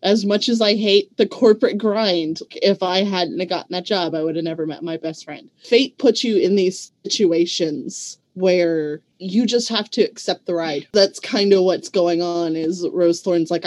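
A woman's voice: lowish voice, a little mellow, no echo. Dry-voiced woman musing about a book. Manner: reflective, talks at length, drawn-out phrasing. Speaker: book club co-host. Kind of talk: casual book discussion.

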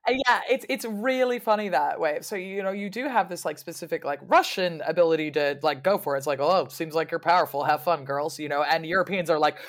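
A woman speaking as a guest historian in a casual podcast conversation, animated and wry, laughing often and mimicking voices when she quotes people. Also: on the low side, quick pace, hardly any pauses.

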